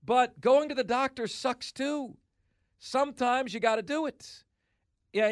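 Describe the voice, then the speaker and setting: A man with a notably high speaking voice holds forth as a sports talk radio host, emphatic and opinionated. He drives his points home by repeating them. The sound is close and dry, with no room around it. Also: no room sound.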